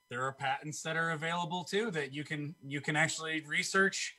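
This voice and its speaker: A man speaks as a podcast guest in casual chat. His voice is bright and a little high. He talks emphatically and repeats himself. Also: normal speed. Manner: emphatic, repetitive, conspiratorial. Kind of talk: casual conversation.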